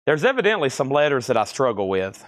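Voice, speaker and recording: A man's voice: mid-range voice, very animated, fast, no echo, studio quality. A man hosting a live record-sale stream, reading out items, prices and bids in a chatty, self-deprecating way.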